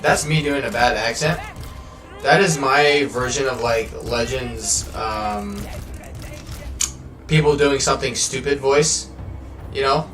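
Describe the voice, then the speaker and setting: A male streamer talks slowly and loosely over his gameplay, rambling and swearing as he goes. He sounds a little far from the mic in a roomy space. Game music plays clearly behind him. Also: medium pitch. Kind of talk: casual live gameplay chat.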